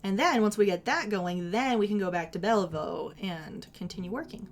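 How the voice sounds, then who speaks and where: A woman's voice: medium pitch, normal speed, slight background noise. A young adult woman streaming, chatting casually with viewers in a giggly, chatty, self-deprecating way. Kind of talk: casual live-stream chat.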